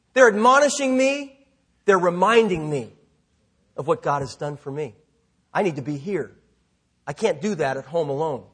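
Husky, high-voiced male pastor preaching. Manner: conversational, self-deprecating asides, then vivid story narration. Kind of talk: sermon with storytelling.

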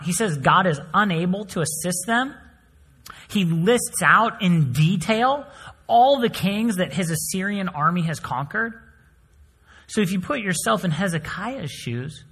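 A male pastor preaching a sermon, telling stories with swings between loud emphasis and soft, hushed lines. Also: on the high side, lively intonation, a little slow, husky. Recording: long hall reverb.

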